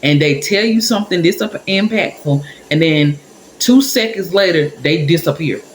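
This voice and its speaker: A woman recounts a personal story to her audience in a casual, animated way, slipping into the voices of the people she quotes. Her voice bounces around a roomy, echoing space. A faint background noise sits under it. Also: on the low side, normal speed. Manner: animated, talks to viewers directly and acts out quotes. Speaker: storyteller vlogger.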